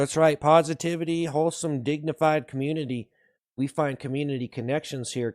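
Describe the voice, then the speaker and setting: A man hosting a livestream, shouting repeated whoops between slow, sarcastic slogans praising himself to his viewers. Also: on the high side. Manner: sarcastic, ironic self-praise. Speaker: livestream host. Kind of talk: mock-hype livestream chat with viewers.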